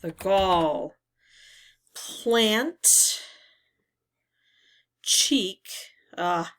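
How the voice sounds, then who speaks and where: A woman hosting a word puzzle video, musing slowly as she reads the words aloud one by one. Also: mid-range voice. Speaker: word game video host. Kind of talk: casual puzzle talkthrough.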